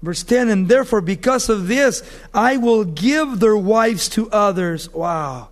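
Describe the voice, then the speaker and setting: A man preaching a sermon with emphatic delivery, slowing down to read scripture and acting out the voices of the people he quotes. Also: high voice, animated. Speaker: pastor.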